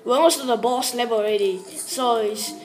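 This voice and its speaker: A woman's voice: on the high side, a little fast. A woman giving casual gameplay commentary in rambling, broken English, chatting to herself and the viewers as she plays. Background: game music.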